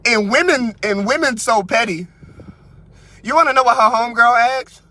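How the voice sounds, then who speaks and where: A young man hosting a podcast, ranting in a crude, animated, comedic way and asking his listeners one rhetorical question after another. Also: extremely high pitch, moderate pace. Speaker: podcast host. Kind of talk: casual comedic rant. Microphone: podcast mic.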